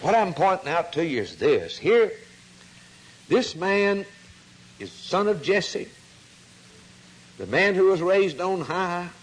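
A man preaches a sermon through story, performing the quoted voices himself, his pitch climbing as he gets stirred up. His voice is a bit bright, captured on a low-quality recording.

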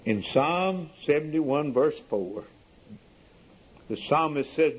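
A man's voice: fairly high pitch, lively intonation, slow pace, long pauses, slightly rough, low-quality recording. A man preaching a sermon in an earnest way, his voice rising sharply for emphasis.

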